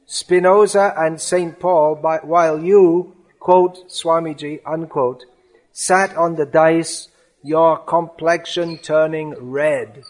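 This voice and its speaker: A man giving a spiritual lecture, reading a devotional offering aloud in an earnest, measured way. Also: fairly high pitch.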